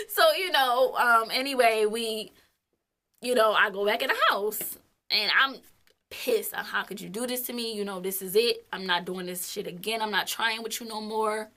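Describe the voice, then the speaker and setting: Young woman, bright higher voice, blunt storyteller who swears and laughs a lot. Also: normal speed. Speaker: co-host of a couple's vlog. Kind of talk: casual storytelling chat.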